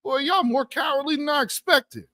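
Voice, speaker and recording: A man's voice: very high-pitched, normal speed, sharp tone, no room sound. A man hosting a political commentary stream, mocking and profane, mimicking the people he criticizes. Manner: mocking, profane, mimics opponents in put-on voices. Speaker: host.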